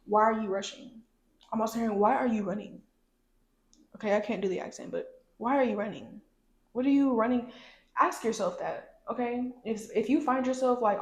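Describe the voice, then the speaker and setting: Chatty woman doing a tarot reading. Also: mid-range voice. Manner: chatty, talks to viewers directly. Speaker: tarot reader. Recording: echoey room.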